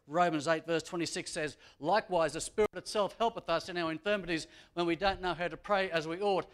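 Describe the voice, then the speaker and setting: High-voiced preaching pastor, man. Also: a bit bright. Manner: preaching with rising emphasis, repeats key phrases. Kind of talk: sermon. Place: church.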